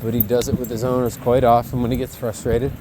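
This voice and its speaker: A man's voice: mid-range voice, flat delivery, quick pace, background noise. A man working as a dog trainer outdoors in a field, talking casually and praising the dog in an upbeat, cheerful voice.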